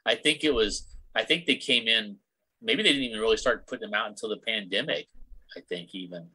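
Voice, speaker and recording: A man's voice: on the low side, a little fast, pushed and bright, rough recording. A man from the United States co-hosting a podcast in casual chat, joking around and laughing easily. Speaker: podcast co-host.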